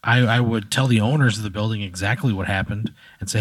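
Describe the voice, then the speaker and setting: A man bantering on a comedy podcast, indignant and profane in a deadpan way. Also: fairly low pitch, fast, slightly rough, no room sound.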